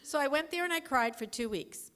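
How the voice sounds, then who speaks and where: A woman in her fifties giving a candid, animated personal talk as a speaker at a recovery meeting. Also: high voice, normal speed. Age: 50s.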